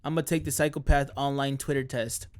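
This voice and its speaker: A man's voice: medium pitch, level tone, quick pace, a little mellow. A man streaming, chatting casually in a rambling way, often correcting himself and laughing mid-sentence. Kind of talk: casual chat.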